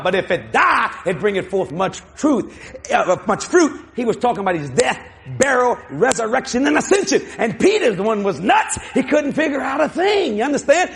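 A male preacher tells a sermon as a comic story, folksy and full of acted-out voices. His high voice jumps about, rough and gravelly, over a faint hiss. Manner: animated, folksy, acts out voices.

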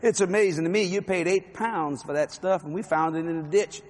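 A man with a Cajun accent and a high, brisk voice preaches a folksy sermon full of humor and jokes in a large hall. Slight background noise is audible.

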